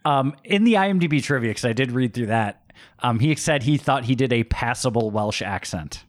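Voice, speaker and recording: Brief: male podcast co-host, emphatic, animated pitch, dry close sound. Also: moderate pace, no room sound. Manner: emphatic, conversational, frequent fillers. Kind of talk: casual movie review chat.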